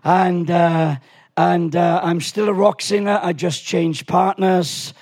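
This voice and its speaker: Husky-voiced joking preacher in his sixties. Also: high-pitched, little pitch movement, takes it slowly, a little mellow. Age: 60s. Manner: chatty, joking, rambling with restarts. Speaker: guest preacher. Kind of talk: sermon with storytelling. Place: church service in a tent.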